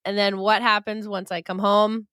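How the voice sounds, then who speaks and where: A woman co-hosting a podcast in casual chat, animated and giggly, with a slightly nasal voice from a head cold. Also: medium pitch, normal speed, smooth, no room sound, studio quality. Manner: giggly, animated, laughs often. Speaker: podcast co-host.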